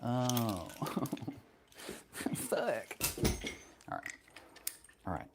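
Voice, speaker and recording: A woman's voice: extremely low pitch, very animated, slow, pauses often, a little hiss or hum. A woman streaming a workout, chatting casually with viewers, wry and profane, teasing chat and straining between sets. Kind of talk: casual livestream chat while working out.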